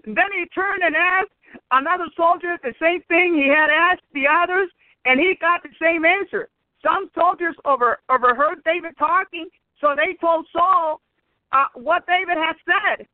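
A woman with a very high voice, whose first language is Spanish, preaches at a moderate pace over a tinny phone line in a dry recording. She reads a Bible story aloud, breaking in between passages with exclamations of praise and laughter.

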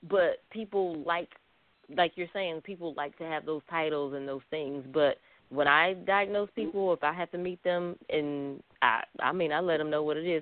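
A blunt, no-nonsense man speaks as a radio guest, his voice a bit high for a man. The sound is dry and squeezed into a narrow, phone-like band. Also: moderate pace, dry recording. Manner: blunt, straight-talking, laughs often. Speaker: counselor. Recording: dry tinny phone-like line.

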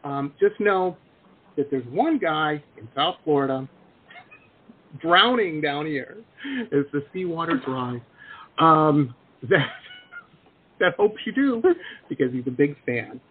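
A man's voice: on the high side, expressive, takes it slowly, pauses often. A chatty man from the United States hosting a casual video interview, rambling and joking as he talks. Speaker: interview host. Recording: tinny call audio with faint hiss.

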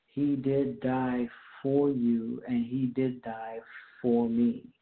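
A man preaching a sermon, reading scripture aloud and then explaining it with slow, deliberate emphasis. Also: mid-range voice, flat delivery. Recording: echoey, phone-like tinny sound.

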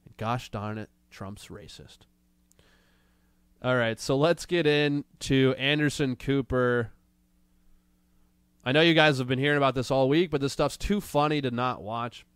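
A man hosting a casual livestream, reading chat and mocking news clips in a sarcastic, drawn-out way, with a slight cold. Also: mid-range voice, clean tone, dry recording. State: has a cold. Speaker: livestream show host.

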